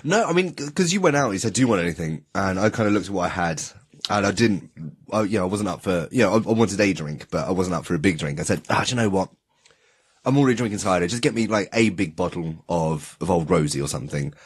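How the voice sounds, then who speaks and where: A man's voice: low voice, lively intonation, fast, slightly rough. A man co-hosting a podcast, telling stories casually with quoted asides and stammered restarts. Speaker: podcast co-host. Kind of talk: casual chat.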